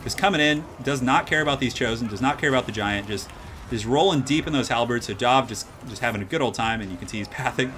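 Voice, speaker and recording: A man casting a strategy game match live, moving from calm analysis to loud excited hype. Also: medium pitch, fast talker, a little hiss or hum. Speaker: streamer casting a tournament match.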